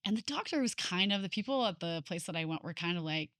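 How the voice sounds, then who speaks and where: Casual female podcast host, chatty and loose, slightly low voice, dry close recording. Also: lively intonation, fast talker, a bit bright, no echo. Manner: chatty, lots of "like" fillers, trails off mid-thought. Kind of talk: casual conversation.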